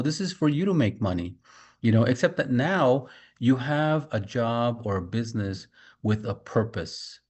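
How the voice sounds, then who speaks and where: A man's voice: medium pitch, a little mellow. A man giving a motivational business training talk, emphatic, repeating key points and speaking straight to his listeners.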